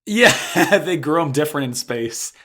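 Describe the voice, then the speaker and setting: A man casually recapping an anime episode as podcast co-host, animated and swearing freely. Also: fairly high pitch. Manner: animated, swears freely, acts out characters' lines in quick bursts.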